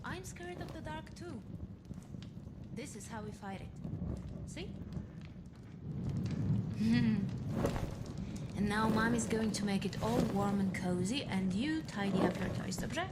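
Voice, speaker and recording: Gentle, soothing young mother. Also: on the high side, lively intonation, slow, pauses often. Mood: tender. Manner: soft-spoken, gentle and reassuring. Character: tender young mother soothing her little son. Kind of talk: video game cutscene dialogue. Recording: game audio under loud ambient noise.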